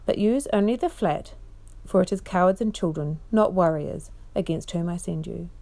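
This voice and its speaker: A woman voicing a great wise male lion in a bedtime storybook reading, speaking slowly, gravely and quietly. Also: lowish voice, close to an everyday voice.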